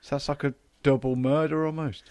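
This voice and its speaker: A man's voice: a little high, little pitch movement, a little fast, darkish tone, dry recording. Jokey Brummie man, dry room. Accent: Birmingham. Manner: laid-back, jokey banter. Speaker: podcast co-host. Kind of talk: casual comedy podcast chat.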